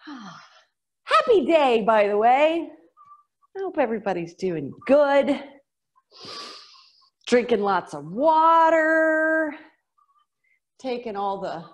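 A woman's voice: sits high, big pitch swings, slow pace, pauses often, low-quality recording. A middle-aged woman with a Southern US accent, leading a workout class in a bubbly, playful way. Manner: bubbly, playful, with little sound effects and laughs. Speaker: fitness instructor. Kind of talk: guided workout instruction.

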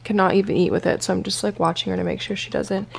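A woman's voice: mid-range voice, fairly even intonation, quick pace, vocal fry, breathy edge. A young woman in her twenties talking casually to her phone camera for a vlog, chatty and a little emotional. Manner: chatty and emotional, with soft teary asides. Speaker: vlogger. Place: in a car, then at home in bed.

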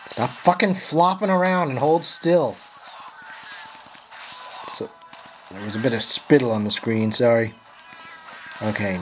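A man giving profane, frustrated live commentary while playing a video game, yelling at his companions and apologizing to viewers. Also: mid-range voice, slight background noise. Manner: frustrated, swearing, sarcastic. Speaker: gameplay commentator.

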